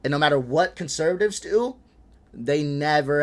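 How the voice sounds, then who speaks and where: A man hosting a reaction video, talking in a frustrated, animated way, swearing and laughing between points. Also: a little high, normal speed. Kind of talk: casual reaction commentary.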